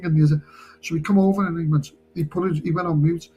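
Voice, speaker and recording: A man's voice: a little high, fairly quick, warm tone, slight background noise, rough recording. A man telling a rambling story on a live stream, chatty and laughing as he goes.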